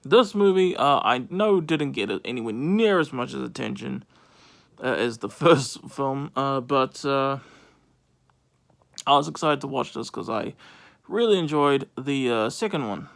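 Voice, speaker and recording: A man's voice: medium pitch, animated, a little slow, vocal fry, fairly bright tone. A man giving casual movie thoughts in a vlog, rambling with lots of fillers and restarts. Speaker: movie reviewer.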